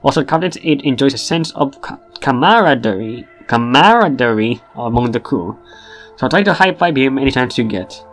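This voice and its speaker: A man puts on a young male bartender aboard a ship who barks questions like a drill sergeant, officious and full of rules. His voice sits at an ordinary middle pitch, with faint game music behind. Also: expressive, normal speed, fairly bright tone, natural voice. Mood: chummy. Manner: barking, officious, then chummy.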